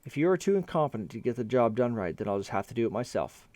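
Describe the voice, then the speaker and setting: A man voicing a furious, arrogant male ambassador in a storybook reading, speaking loudly and angrily. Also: mid-range voice, big pitch swings, fast, no room sound, close to an everyday voice. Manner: loud, angry, commanding.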